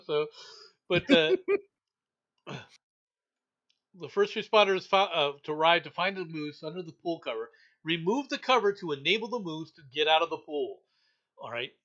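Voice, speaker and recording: A man's voice: sits high, a bit bright. A man hosting a casual news commentary show, reading stories aloud with wry asides and frequent laughter. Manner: laughs often, wry asides, mock quotes. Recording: dull lo-fi sound.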